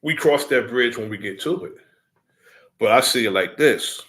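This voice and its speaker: A man addressing his followers in a deliberate, preaching cadence, repeating his key points. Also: mid-range voice, lively intonation, a bit bright.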